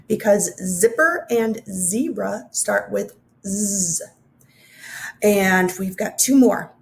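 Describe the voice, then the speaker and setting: Slow, gravelly-voiced woman teacher. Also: medium pitch. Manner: slow, clearly enunciated, sounding out letters. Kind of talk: phonics lesson for young children.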